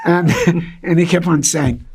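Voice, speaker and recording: Actor guest, slightly high voice, slow, teasing, crowd around. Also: male voice, fairly even intonation. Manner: reassuring, teasing, laughing. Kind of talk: casual interview banter.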